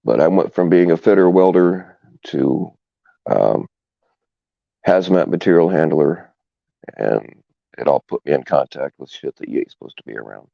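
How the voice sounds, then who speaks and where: Deep, gravelly rambling man. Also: animated, normal speed, long pauses, dry recording. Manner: rambling, hesitant, full of fillers. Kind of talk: casual live stream chat. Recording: dull, lo-fi stream audio.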